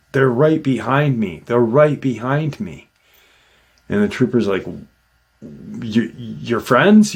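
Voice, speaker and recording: A man hosting a show, retelling a listener's encounter in a halting, casual way with frequent restarts. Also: low voice. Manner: halting, with many restarts and fillers. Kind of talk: casual storytelling.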